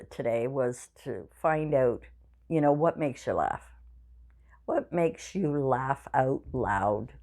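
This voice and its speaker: Low-voiced woman, 60s, home vlogger; tired, yawning, rambling chatty delivery. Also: a little mellow. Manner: rambling, chatty storytelling with many fillers. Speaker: craft channel vlogger. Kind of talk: casual chat to viewers. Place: home craft room.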